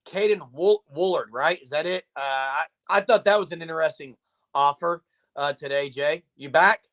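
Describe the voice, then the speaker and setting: A man's voice: fairly high pitch, normal speed, fairly bright tone. A man hosting a live sports talk show, chatting casually and reading viewer comments aloud. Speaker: podcast host.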